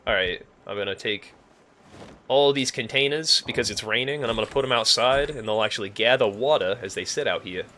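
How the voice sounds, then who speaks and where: A young man chatting casually on a live stream, joking and rambling, sometimes working himself into loud mock rants. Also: medium pitch, a little fast, slight background noise. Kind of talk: casual chat while gaming.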